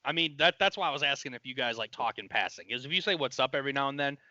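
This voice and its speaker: A man co-hosting a casual podcast, reasoning out loud with lots of "like" and "I mean". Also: medium pitch, lively intonation, very fast, dry recording, muffled recording. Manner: talks things through, full of "like" and "I mean". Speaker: podcast co-host. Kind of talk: casual chat.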